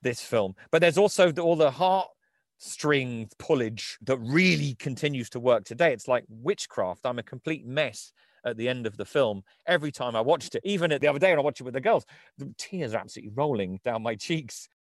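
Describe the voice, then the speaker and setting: Animated, chatty man, dry close sound. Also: medium pitch, fairly quick, no room sound. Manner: chatty, animated storyteller who reads quotes aloud with gusto. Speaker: podcast co-host. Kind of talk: casual chat about film history.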